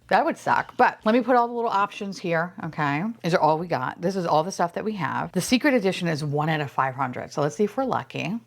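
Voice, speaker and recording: A woman chats through a toy unboxing in a casual, gushing way. Her pitch swoops up and down, and she squeals and curses as each box opens. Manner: gushing, squeals and swears often. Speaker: unboxing vlogger.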